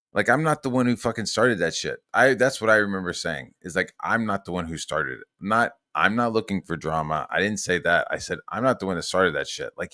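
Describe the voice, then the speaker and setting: A man's voice: deep voice, bright, forceful tone, no room sound, clean studio sound. A man hosting a podcast, telling a heated, rambling story full of profanity and fillers. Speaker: podcast host. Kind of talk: casual storytelling rant.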